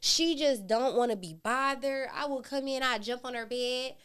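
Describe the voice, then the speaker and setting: A woman in her thirties, a guest on a casual podcast, tells her stories in a candid, lively way. Her voice sits a little high and sounds smooth and clear. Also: moderate pace. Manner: candid, animated storytelling.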